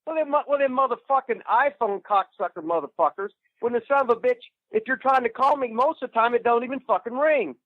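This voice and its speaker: A man's voice: very high-pitched, fast talker, few pauses, no room sound, muffled recording. Foul-mouthed rambling man on the phone. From Indiana. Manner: rambling, swears constantly, crude. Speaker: guest. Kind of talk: profane casual chat.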